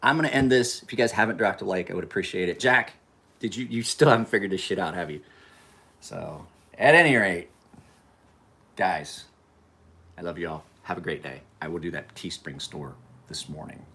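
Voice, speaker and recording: Lower-voiced man telling rambling stories on a livestream. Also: moderate pace, long pauses, sharp tone. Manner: loose, profane, rambling anecdotes; chats to viewers by name. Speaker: livestream host. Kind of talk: casual storytelling to live chat.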